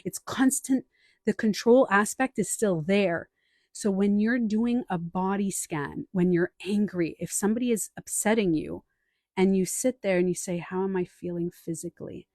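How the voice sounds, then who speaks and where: A woman coaching viewers on a live stream from home, animated, acting out the inner voices she quotes. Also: mid-range voice, unhurried, no echo, studio quality.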